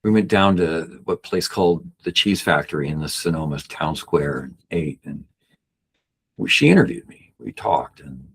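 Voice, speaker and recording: A man's voice: expressive, moderate pace, vocal fry, fairly bright tone, breathy edge. A middle-aged man, a podcast guest, telling a personal story earnestly and acting out the people he quotes. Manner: earnest, acts out quoted people with raised pitch.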